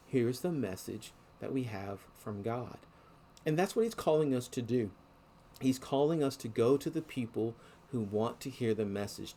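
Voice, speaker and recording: Middle-aged preacher guy, mellow voice, earnest and chatty, lots of restarts. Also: medium pitch. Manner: earnest, conversational with frequent restarts. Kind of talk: sermon.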